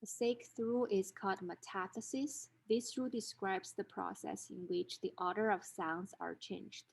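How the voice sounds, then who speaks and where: A woman's voice: mid-range voice, fairly even intonation, moderate pace, gravelly, slightly rough. A woman instructor giving a methodical recorded lecture, explaining rules step by step with examples. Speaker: linguistics instructor.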